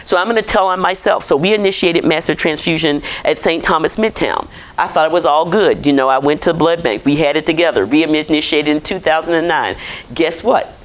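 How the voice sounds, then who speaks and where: A woman's voice: low-pitched, fairly quick, rough recording. A woman physician giving a conversational conference lecture and putting questions to the audience. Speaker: physician presenting to clinicians.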